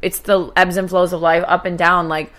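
Young woman, podcast co-host, bright tone, loose animated delivery with swearing. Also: lowish voice, normal speed. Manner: animated, swearing, laughs often. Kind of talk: casual chat.

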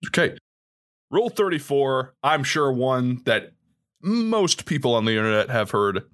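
Young male podcast co-host, bright tone, very animated delivery, casual and jokey. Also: mid-range voice, measured pace. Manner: animated, reads rules aloud with jokey asides. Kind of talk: casual chat.

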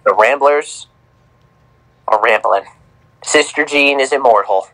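A man's voice: medium pitch, slow pace, fairly bright tone, rough recording. Man, podcast co-host, casual sports chat, playful, teasing. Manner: playful, sing-song announcing of teams.

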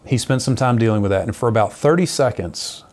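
A middle-aged man, a missionary, telling his personal testimony in an earnest, lively conversational way. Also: mid-range voice, a little fast. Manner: earnest storyteller, lively retelling.

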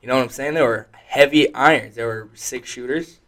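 A man's voice: mid-range voice, a little fast, a bit bright. A young man co-hosting a podcast in casual chat, laid-back and profane, dropping "dude" and "like" often. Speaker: podcast co-host.

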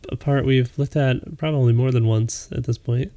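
A woman's voice: a bass voice, steady tone, moderate pace, dark tone. A woman co-hosting a faith podcast, easygoing and encouraging as she steers the talk. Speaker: podcast co-host. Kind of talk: casual chat.

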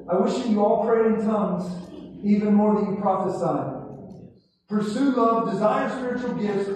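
Impassioned male preacher, high voice, heard from afar in a reverberant church hall. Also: a little mellow, a little hiss or hum. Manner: impassioned, repetitive call-and-response exhortation. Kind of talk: charismatic sermon. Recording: echoey hall, distant mic.

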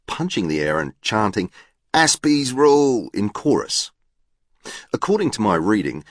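A man's voice: deep voice, no room sound, studio quality. A man narrating an audiobook in a formal, literal, precise manner. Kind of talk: scripted narration.

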